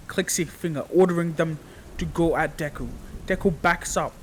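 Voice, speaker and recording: A man narrating an improvised fan story in a casual, halting way, often repeating his phrases. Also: fairly high pitch, fairly even intonation, a little hiss or hum, low-quality recording.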